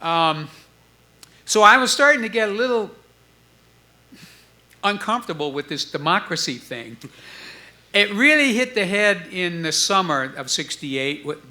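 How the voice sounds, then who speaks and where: A man's voice: measured pace, long pauses. A man in his seventies telling stories on a club stage, acting out the voices of others in his tale. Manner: animated storyteller, acts out quoted voices with jumps in pitch. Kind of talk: storytelling chat before a live audience.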